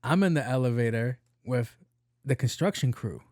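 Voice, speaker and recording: A man hosting a podcast, telling a comedic story in a casual, profane, animated way and acting out the dialogue. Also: mid-range voice, normal speed, dry recording, clean studio sound. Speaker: podcast host.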